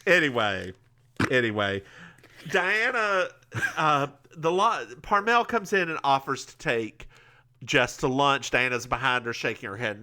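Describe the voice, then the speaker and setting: Southern guy podcasting, bright voice, all over the place pitch-wise, cracking jokes. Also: a little slow. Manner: animated, joking, mimics characters. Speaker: podcast co-host. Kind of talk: casual recap chat.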